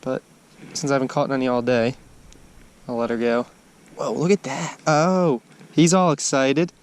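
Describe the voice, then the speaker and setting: An excitable man talking casually to the camera, outdoors on a frozen lake, with a faint outdoor hush behind him. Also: mid-range voice, unhurried, slight background noise. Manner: excitable, exclaims loudly when he lands a fish. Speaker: angler filming his fishing trip. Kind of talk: casual running commentary.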